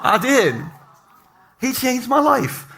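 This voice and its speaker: A man preaching to his congregation in a lively, joking way, speaking in a church basement. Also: extremely high pitch, slow pace, vocal fry, slight background noise. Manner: energetic, joking, talks to the congregation. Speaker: pastor. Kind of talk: lively sermon opening.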